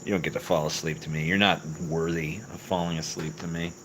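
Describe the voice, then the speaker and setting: A low-pitched man with a bright, forceful edge to his voice, answering a livestream chat in a crude, deadpan, mocking way. Faint crickets and insects chirp in the background. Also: brisk, a little hiss or hum, low-quality recording. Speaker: livestream host reading chat.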